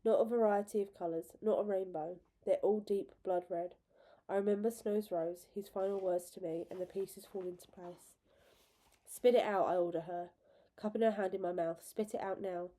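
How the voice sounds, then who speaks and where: A woman narrates a story aloud in a heartfelt, expressive way. Her voice sits at a middle pitch, with a dark and mellow tone. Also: moderate pace. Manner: expressive, emotional reading. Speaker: reader.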